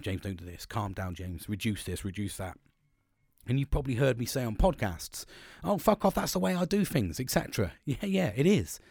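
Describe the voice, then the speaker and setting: A middle-aged man hosts a podcast in a loose, rambling monologue. He is blunt and swears freely. His pitch swings widely, and his voice sits dry and close to the mic. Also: a little mellow, dry recording. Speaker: podcast host.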